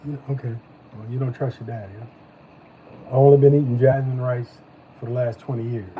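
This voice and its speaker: A man hosting a live stream, chatting casually as he reviews snacks, animated and slangy. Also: mid-range voice, a little fast, narrow, tinny audio. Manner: animated, loose slangy talk.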